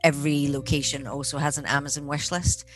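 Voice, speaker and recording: A woman's voice: sits low, flat delivery, a little fast, soft background music. A woman from Scotland, a guest being interviewed, giving upbeat answers and explaining practical details. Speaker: guest, veterinary charity co-founder.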